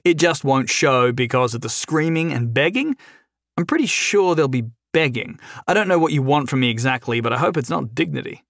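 A wisecracking young captive, played by a male narrator, quick, sarcastic and lively. The voice sits at a middle pitch and sounds dry and close. It is a storybook reading. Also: gravelly, dry recording. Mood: wry. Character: chained young man, wisecracking and nervously flippant.

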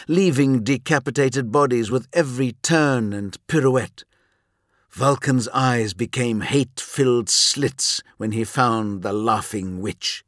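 A man narrating an audiobook in measured, dramatic storytelling. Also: medium pitch, dry recording, studio quality. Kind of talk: scripted narration.

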